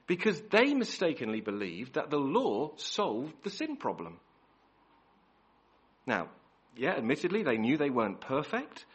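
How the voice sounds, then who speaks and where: Emphatic preacher with a lively pitch. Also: male voice, slightly rough. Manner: emphatic, repeats key words; self-correcting restarts. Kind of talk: sermon.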